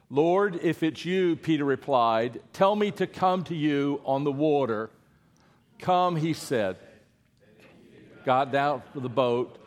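A man, a preacher giving a sermon and coaxing his congregation to read scripture aloud with him. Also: on the high side. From Eastern North Carolina. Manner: playful, coaxing the congregation, then hushed and earnest. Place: church before a congregation.

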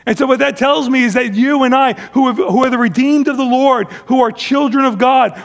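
A man's voice: very high voice, big-room sound. A middle-aged man preaching a sermon as pastor, talking conversationally with frequent restarts and acting out bits of family dialogue.

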